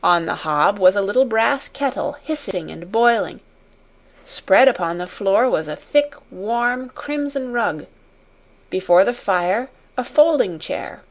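A woman reads a classic storybook aloud at a slow, careful pace. Her voice sits in a middle range, and her reading stays measured and unhurried. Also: mid-range voice. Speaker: audiobook narrator. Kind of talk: scripted storybook narration.

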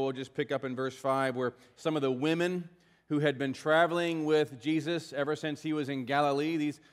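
A man preaches a sermon in a relaxed, explanatory way, dropping asides to his listeners as he teaches. His voice sits in an ordinary middle pitch. The sound carries a long reverb from a large hall. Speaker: pastor.

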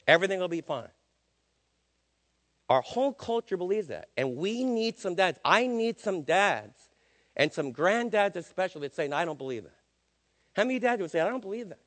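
A man's voice: high-pitched, long reverb tail. An older man preaching a sermon, emphatic and questioning his listeners.

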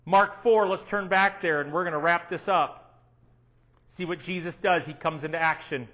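A man preaching a sermon, swinging from hushed, quiet lines to loud, emphatic ones. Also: a little high, normal speed, muffled recording.

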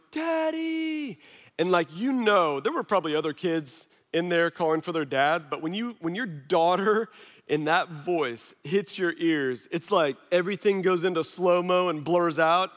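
A man in his thirties, a pastor preaching a sermon through an animated personal story full of quick asides. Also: high-pitched. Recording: long hall reverb.

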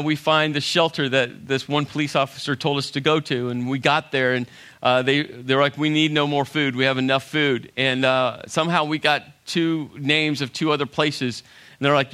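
Man, middle-aged, storytelling, animated, acts out voices, bright tone. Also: fairly high pitch, smooth. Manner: animated, humorous, acts out quotes. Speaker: speaker telling a story to an audience. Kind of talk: storytelling talk.

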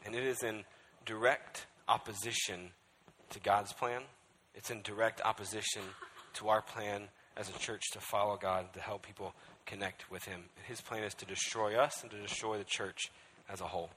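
A man's voice: on the low side, fairly even intonation, normal speed, fairly bright tone, slight background noise. A male pastor preaching a sermon with emphasis, often checking in with the crowd by asking "right?". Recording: echoey hall.

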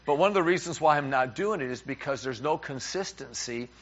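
Middle-aged New preacher, man; lively storyteller who acts out both sides of a conversation, slightly dull recording. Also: medium pitch, fairly quick. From New York. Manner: animated, repeats words, acts out dialogue. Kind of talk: humorous sermon storytelling. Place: church.

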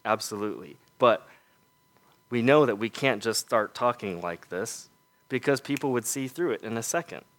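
A man preaching a sermon, earnest and full of rhetorical questions, letting his voice fall soft on key points. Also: mid-range voice, animated, normal speed.

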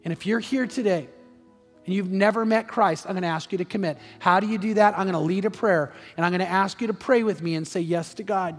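A man pastor preaching a sermon, building to impassioned peaks and then easing into a quiet prayer. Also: fast talker, big-room sound, faint music behind. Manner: impassioned preaching that rises in pitch and volume, then drops to a soft prayer. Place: large church auditorium.

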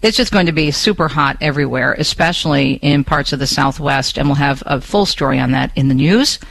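This is a man hosting a radio talk show in a studio, switching between impassioned comment and straight news reading. His voice sits fairly high for a man, and the studio microphone makes it sound close and dry. He talks straight to his listeners in a chatty way. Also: brisk, gravelly, a bit bright, no room sound, low-quality recording. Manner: impassioned, with rhetorical questions.

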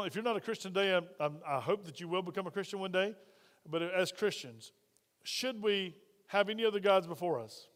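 A man preaching a conversational sermon as pastor, often putting questions to the congregation. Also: high-pitched. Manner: asks the congregation frequent questions. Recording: long reverb of a church hall.

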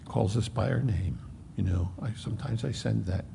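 Gravelly-voiced pastor preaching in a hall. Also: male voice, lowish voice. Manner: emphatic, slows for stress, conversational asides. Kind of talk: sermon. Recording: long hall reverb, faint noise.

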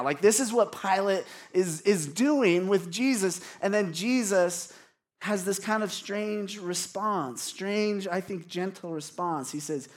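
High-voiced man preaching casually. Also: slow. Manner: candid, casual, self-deprecating with frequent "like". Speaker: pastor. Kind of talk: conversational sermon. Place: church congregation.

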